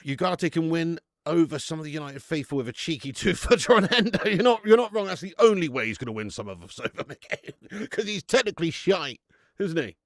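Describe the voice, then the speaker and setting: A man's voice: fairly high pitch, animated, fairly quick, dry recording, studio quality. A man hosting a live football watch-along, swearing and laughing as he bants with viewers in the chat.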